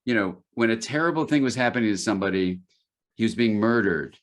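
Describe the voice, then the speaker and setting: Man, middle-aged, low voice, author guest, webinar talk, rambling storytelling. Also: lively intonation, brisk. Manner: storytelling, many restarts and fillers. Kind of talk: webinar conversation.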